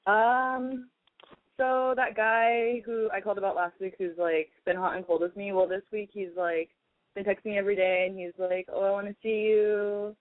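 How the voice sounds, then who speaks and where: A nineteen-year-old woman calls a radio show from Los Angeles, her words hesitant and padded with fillers. Her voice sits at a middle pitch. It comes through thin and dry over a phone line. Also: fairly even intonation, moderate pace, no echo. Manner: hesitant, lots of "like". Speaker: caller.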